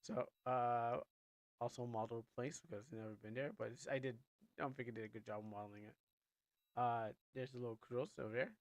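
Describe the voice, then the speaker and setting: A man's voice: medium pitch, steady tone, a little fast, no echo. A man streaming his own game, chatting casually and thinking aloud as he goes.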